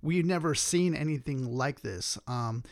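A man's voice: on the high side, unhurried, no echo, studio quality. A man interviewing a guest, asking his question hesitantly with many fillers. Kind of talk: casual interview.

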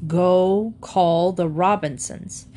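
A woman reading aloud and voicing a blustering, grumpy middle-aged husband in a loud, gruff, indignant way. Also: lowish voice, drawn-out words, a little hiss or hum. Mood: stern.

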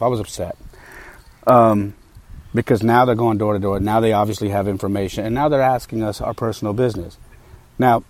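A man's voice: fairly low pitch, a little mellow. A man hosting a podcast, telling a story in a candid, heated, casual way with frequent fillers. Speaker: podcast host.

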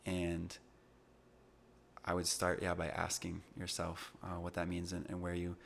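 Young male guest, low gravelly voice, earnest and reflective, faint room noise. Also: monotone, a little slow, fairly bright tone. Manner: earnest, reflective, many fillers. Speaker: podcast guest. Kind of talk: casual conversation.

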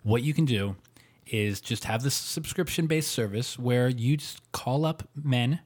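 A man co-hosting a podcast, telling animated stories with lots of fillers and quick laughs. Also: medium pitch. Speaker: podcast co-host. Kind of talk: casual chat.

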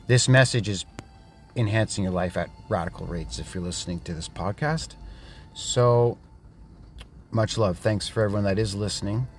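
A man with a fairly low voice delivers a podcast monologue in blunt, emphatic statements, often repeating a phrase. Faint music plays quietly underneath. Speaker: podcast host. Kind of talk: casual religious monologue.

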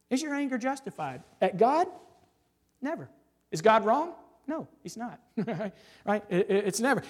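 A man preaching a sermon as pastor, asking the congregation rhetorical questions and tagging them with "right?", moving between loud emphasis and quiet asides. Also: fairly high pitch, in a large hall.

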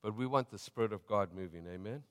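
A middle-aged man with a South African accent, a pastor preaching a sermon and telling stories in a relaxed, chatty way, laughing often. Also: fairly low pitch, fast, smooth, long reverb tail. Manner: conversational storytelling, laughing often.

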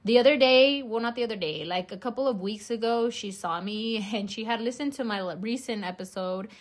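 A woman's voice: a little high, brisk. A young woman hosting her own podcast, chatting casually, joking and swearing, rambling with lots of fillers. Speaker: podcast host. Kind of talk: casual chat.

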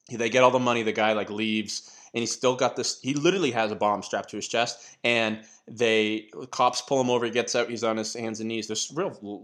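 A man in a casual podcast chat, his voice sitting at an ordinary middle pitch. He rambles through stories, packs his talk with fillers and restarts, and swears offhandedly. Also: fairly bright tone.

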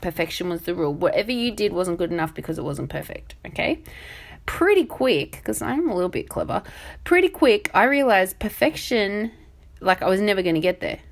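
A middle-aged woman hosts a casual solo podcast. Her voice sits a little low for a woman, and she wanders from thought to thought with plenty of ums and jokes at her own expense. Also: animated, fast, creaky. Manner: rambling, self-deprecating, chatty with many fillers. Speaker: podcast host.

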